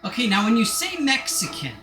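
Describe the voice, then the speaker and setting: A man's voice: very high voice, huge pitch swings, fairly quick, roomy sound, music in the background. A man chatting casually and jokingly while playing a video game on stream. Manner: chatty, jokey, self-mocking. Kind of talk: casual gameplay commentary.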